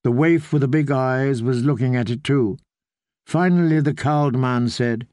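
A man narrating an audiobook in a measured storytelling manner. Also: medium pitch, darkish tone, dry recording, clean studio sound. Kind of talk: scripted narration.

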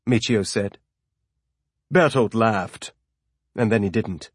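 A man reading a novel aloud as audiobook narrator, in a steady storytelling manner. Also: fairly low pitch, a little slow, breathy edge, no room sound, clean studio sound. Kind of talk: scripted narration.

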